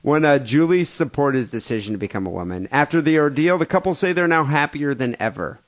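A man's voice: a little high, brisk. A man co-hosting a crude comedy podcast, reading listener stories aloud and laughing often in casual chat. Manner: laughs often, animated storytelling. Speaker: podcast co-host.

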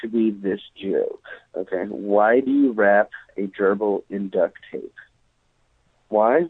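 A man's voice: lowish voice, slow, slightly rough, no echo. A man eagerly telling a joke in a phone message to a podcast. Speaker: caller. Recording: tinny phone line.

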